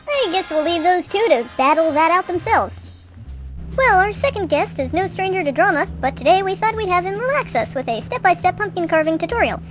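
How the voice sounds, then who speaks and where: A woman's voice: very high voice, big pitch swings, fairly quick, soft background music, low-quality recording. A woman hosting an improvised comedy radio show in a chatty, joking way. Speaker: host.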